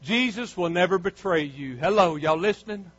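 A man preaching a sermon with fervor, swinging from near shouts down to low, quiet lines. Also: lively intonation, normal speed, dry recording, muffled recording. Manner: fervent, rising to near shouts and dropping low. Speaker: pastor.

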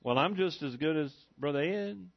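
A man's voice: on the high side, animated, normal speed, vocal fry. Folksy preacher man, muffled recording. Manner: folksy storytelling, laughs often. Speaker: pastor. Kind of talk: sermon.

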